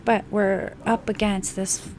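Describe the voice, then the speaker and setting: A woman giving an emphatic, unscripted spiritual monologue, stressing points with swearing and slow, deliberate phrasing. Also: mid-range voice, little pitch movement, a little mellow, slight background noise. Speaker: spiritual channel host.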